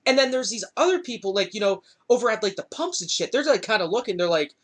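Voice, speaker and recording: A man's voice: sits high, fast talker. A young man hosting a podcast, telling a story casually with a lot of swearing. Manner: profane, animated storytelling. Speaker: podcast host. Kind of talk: casual chat.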